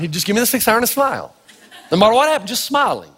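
A man from Tennessee, a pastor, preaches rapid-fire in a high voice while background noise runs underneath. His sermon is built on lively storytelling, with dialogue acted out in raised voices, captured in a hall with long reverb.

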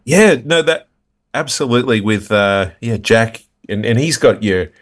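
A man, a guest impressionist, telling animated stories in an interview with frequent restarts and laughs. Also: medium pitch, measured pace. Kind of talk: interview chat.

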